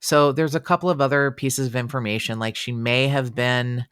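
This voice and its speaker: A man hosting a casual true-crime podcast, chatty and animated, with fillers and exclamations. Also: mid-range voice, normal speed, clear, resonant tone, dry recording. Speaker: podcast host.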